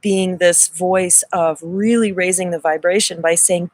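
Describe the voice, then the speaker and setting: A woman's voice: fairly low pitch, steady tone, unhurried. A woman hosting a live stream, talking in a casual spiritual monologue, earnest and effusive, often restarting and repeating her words. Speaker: spiritual reader hosting a livestream.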